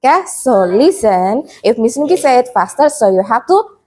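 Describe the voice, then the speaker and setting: A woman's voice: fairly high pitch, sing-song, moderate pace, mellow, slightly rough. A young woman teaching a primary school class, repeating words and prompting the children to answer.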